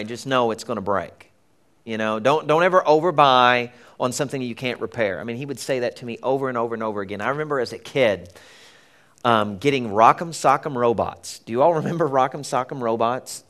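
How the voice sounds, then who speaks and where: A man's voice: mid-range voice, a little fast, a bit bright. A middle-aged man preaching a sermon in a conversational, storytelling way, laughing and acting out the voices of the people in his stories.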